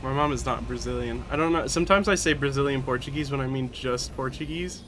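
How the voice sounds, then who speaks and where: A man's voice: mid-range voice, quick pace, background noise. A man streaming a video game, chatting casually in rambling, giggly stories full of swearing. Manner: rambling, giggly, profane storytelling. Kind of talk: casual gameplay commentary.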